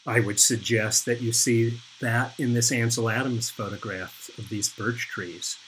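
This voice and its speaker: A middle-aged man giving an art lecture, explaining slowly and pointing things out on images. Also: mid-range voice, slight background noise, low-quality recording. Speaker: art instructor. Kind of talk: recorded lecture over slides.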